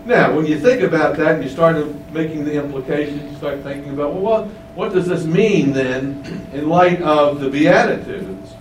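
Male preacher, slightly high voice, deliberate emphatic teaching, roomy echo, a step off the mic. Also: distant mic, a little hiss or hum. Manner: slow, emphatic teaching with rising stresses. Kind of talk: sermon.

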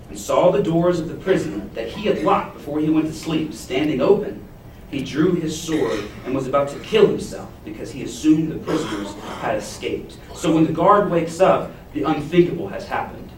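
A man preaching a sermon, retelling a Bible story and acting out its characters' panic with lively emphasis. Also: mid-range voice, slight background noise. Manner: expressive, acts out the jailer's panic in a paraphrase. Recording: echoey room, heard from a distance.

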